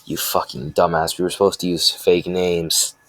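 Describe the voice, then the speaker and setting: A brash young ninja leader who barks orders in a deep, low voice, as a man puts him on. The sound is dry and close, with no room echo, and the voice stays near the storyteller's own. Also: flat delivery, normal speed, fairly bright tone. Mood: angry. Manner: blunt, bossy.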